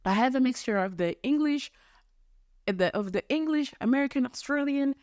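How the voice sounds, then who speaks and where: A woman's voice: high-pitched, animated, normal speed, a little mellow, no echo, clean studio sound. Rambling young woman podcaster from Mozambique. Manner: rambling, self-deprecating, swears casually. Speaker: podcast host. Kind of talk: casual solo podcast rant. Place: her bedroom.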